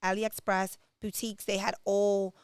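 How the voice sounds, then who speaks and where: A woman's voice: medium pitch, moderate pace, smooth, dry recording, clean studio sound. A woman entrepreneur from Bermuda, a podcast guest, telling her business story candidly and acting out the dialogue she quotes. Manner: animated, acts out quoted dialogue.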